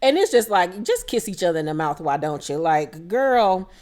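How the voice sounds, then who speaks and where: A woman's voice: lowish voice, sing-song, a little mellow. Blunt, profane woman recapping reality TV. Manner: blunt, profane, quotes cast members in quick impressions. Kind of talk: casual recap commentary.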